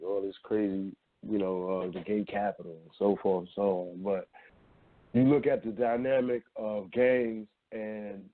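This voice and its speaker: A man co-hosting a talk radio show, speaking in a measured, reflective way. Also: on the low side, steady tone. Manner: measured, reflective, many fillers. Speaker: radio co-host. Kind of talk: casual talk radio chat. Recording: tinny phone-line audio.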